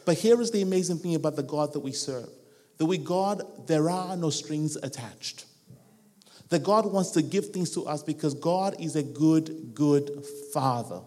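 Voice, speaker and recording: A man's voice: fairly high pitch, normal speed, dark tone. A man giving a sermon as a guest preacher in a church hall, building his points through rhythmic repetition and acting out the voices he quotes. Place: church hall with a live band. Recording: long hall reverb.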